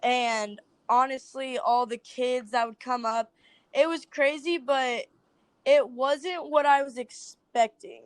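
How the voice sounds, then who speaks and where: A woman's voice: high voice, fairly even intonation, slow, clean tone, no room sound. A woman, a social media creator, chatting casually as a podcast guest, filling her talk with "like". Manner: chatty, heavy use of "like".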